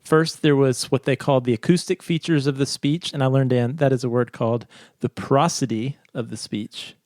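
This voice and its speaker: A man's voice: mid-range voice, steady tone, normal speed, darkish tone, dry recording, studio quality. Chatty man explaining a study. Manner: chatty, laughs often, reads scripts aloud. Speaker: podcast co-host. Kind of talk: casual chat explaining a study.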